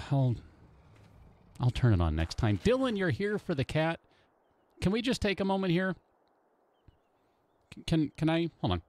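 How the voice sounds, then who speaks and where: A man's voice: mid-range voice, a little mellow, dry recording. A man live-streaming a game, chatting casually with viewers in a playful, talkative way. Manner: playful, chatty, keeps greeting viewers by name.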